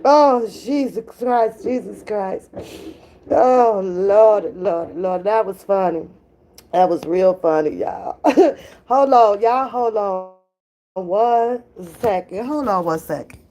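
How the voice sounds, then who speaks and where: A woman's voice: medium pitch, slow pace, warm tone. A woman hosting a casual livestream reaction chat, laughing often, profane, calling her viewers y'all. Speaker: livestream host.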